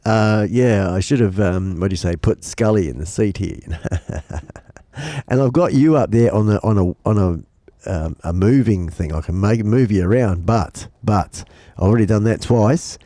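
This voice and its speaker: A man's voice: on the low side, normal speed, mellow, no room sound. A middle-aged man hosting a casual live stream from his home studio, rambling and joking with many restarts, stuffed up with a cold. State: blocked up with a cold.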